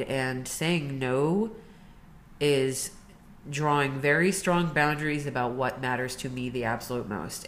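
A woman with a notably low voice co-hosts a podcast in relaxed conversation. She tells stories with energy, and she laughs easily between her points. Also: a little hiss or hum. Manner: chatty, animated storytelling with laughs. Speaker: podcast co-host. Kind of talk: casual chat.

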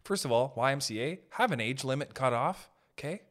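A young man rambles through a profane solo comedy rant on his podcast, slipping into quick exaggerated voices. His pitch sits in the middle but swings widely as he riffs. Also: lively intonation, fairly bright tone. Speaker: podcast host.

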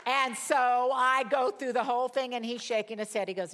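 A woman in her sixties leading a Bible study, telling stories in an animated way that swings between loud exclamations and quiet asides, and talking straight to her audience. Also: fairly high pitch, normal speed, few pauses. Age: 60s. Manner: chatty, addresses the audience directly. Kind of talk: storytelling Bible study teaching.

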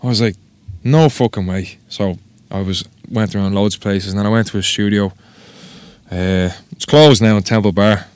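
Sweary Dublin man with a low, dry voice. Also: moderate pace, no room sound. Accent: Dublin Irish. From Ireland. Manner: sweary, animated storyteller acting out quotes. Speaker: tattoo artist guest. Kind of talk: casual podcast chat.

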